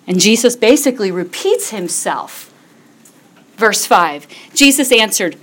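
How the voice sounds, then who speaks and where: Expressive woman teaching from the Bible. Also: fairly high pitch, normal speed. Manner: expressive, rhetorical questions, reads scripture aloud.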